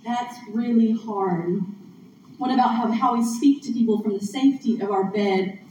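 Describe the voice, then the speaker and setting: A woman's voice: fairly high pitch, normal speed. Woman preaching in an echoey hall. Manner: conversational, earnest, laughs along with audience. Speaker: speaker at a church gathering. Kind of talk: sermon. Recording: distant echoey room mic, muffled, noisy.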